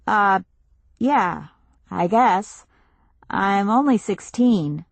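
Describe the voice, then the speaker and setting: A woman's voice: mid-range voice, animated, very slow, vocal fry, exaggerated voice. A woman voicing an awkward sixteen-year-old girl who answers in casual, hesitant bits, in an audiobook. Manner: hesitant, casual replies with fillers.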